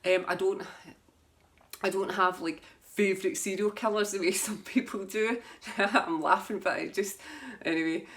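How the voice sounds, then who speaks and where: A woman's voice: mid-range voice, steady tone, moderate pace. A woman who reads tarot, chatting casually to camera about her books in a rambling way and laughing at herself. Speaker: tarot reader. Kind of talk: casual book chat to camera.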